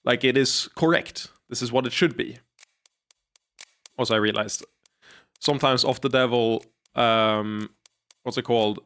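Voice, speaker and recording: A man's voice: medium pitch, steady tone, measured pace, pauses often, a bit bright, clean tone. A man streaming a story game, talking in a rambling, profane, casual way. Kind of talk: live-stream game commentary.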